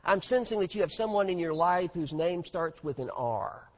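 A man's voice: high voice, expressive, normal speed. A man preaching mockingly plays a fake TV psychic who fishes for clues with hesitant guesses, recorded dull in a reverberant hall. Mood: fishing.

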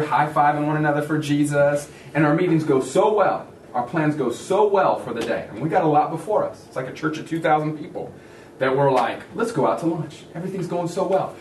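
Man, pastor, sermon, animated storytelling, slightly high voice, echoey distant sound. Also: fairly quick, a little hiss or hum.

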